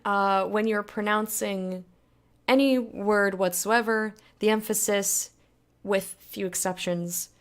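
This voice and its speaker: A woman giving a casual, rambling spoken lesson on pronunciation, chatty and full of fillers. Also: medium pitch. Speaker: language tutor.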